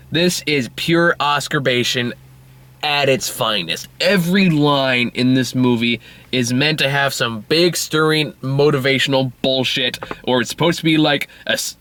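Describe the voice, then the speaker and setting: This casual movie review comes from a man whose bright, forceful voice turns exasperated and profane. He keeps jumping into high outbursts of disbelief.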